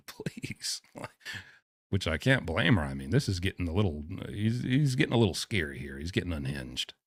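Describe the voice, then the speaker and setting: Incredulous male streamer, low lively voice. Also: quick pace, few pauses, slightly rough, dry recording, studio quality. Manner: incredulous, sarcastic. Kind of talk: reaction commentary, reading messages aloud.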